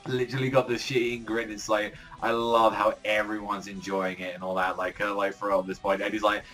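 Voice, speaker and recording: A man's voice: on the low side, flat delivery, fairly quick, a bit bright. Rambling man reviewing comics, faint music behind. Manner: rambling, heavy filler words, swears often. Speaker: manga reviewer. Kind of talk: casual reaction commentary.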